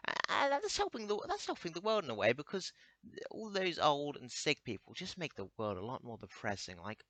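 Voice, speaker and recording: A man's voice: a little high, very animated, a little fast, pushed and bright, no room sound. A young man rambling through a crude comedic monologue, stammering and restarting often.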